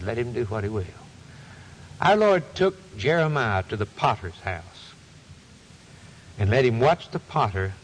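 A man's voice: fairly low pitch, in a large hall, slight background noise, poor audio. A man preaching a sermon, quoting scripture in old-fashioned phrasing with a swooping, rhythmic delivery.

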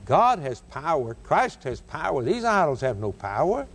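A man's voice: very animated, normal speed, fairly bright tone, long reverb tail, exaggerated voice. A preacher voicing an earnest young boy. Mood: insistent. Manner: high, urgent and insistent.

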